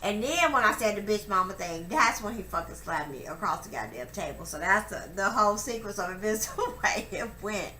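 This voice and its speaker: A young woman telling a personal story to camera, profane and emphatic, acting out her quotes loudly. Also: mid-range voice, expressive, brisk, few pauses. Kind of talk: candid storytelling monologue. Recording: echoey room with faint ambient noise.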